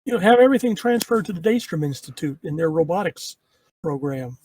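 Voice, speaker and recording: Man, podcast co-host, anecdote teller, high husky voice, dry close sound. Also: expressive, fairly quick, darkish tone, no room sound. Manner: storytelling, anecdotal. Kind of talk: casual commentary with trivia anecdotes.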